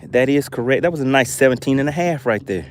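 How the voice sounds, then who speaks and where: A man hosting a live fishing stream from a boat, excitedly commenting and reading chat messages aloud. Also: mid-range voice, fast talker, a little hiss or hum. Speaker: fishing livestream host.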